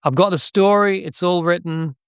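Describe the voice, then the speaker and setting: A man's voice: high voice, normal speed, smooth, no echo. Chatty man telling stories. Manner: chatty, anecdotal, frequent restarts and laughs. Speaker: interview guest, game artist. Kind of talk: casual interview storytelling.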